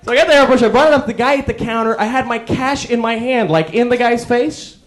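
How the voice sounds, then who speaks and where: A man doing a stand-up routine, telling stories in an animated, exasperated way. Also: very high-pitched, quick pace. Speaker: stand-up comedian.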